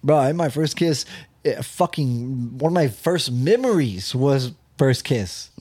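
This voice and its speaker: A man's voice: mid-range voice, unhurried, breathy edge, no room sound, studio quality. A young man hosting a podcast, telling crude stories in casual banter with lots of swearing. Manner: animated storytelling, swears a lot. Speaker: podcast host.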